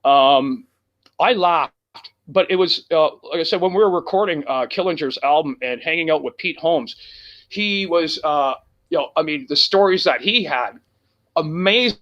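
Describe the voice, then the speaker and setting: A man telling a profane, animated road story as a guest on a casual talk show. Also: a little high, moderate pace, dull audio. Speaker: guest musician.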